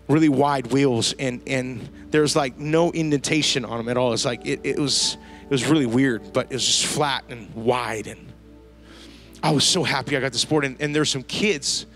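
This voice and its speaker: A man preaching a sermon to a church congregation, telling a lively story and using casual slang. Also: medium pitch. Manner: storytelling, animated, slangy asides. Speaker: pastor. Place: church service before a congregation.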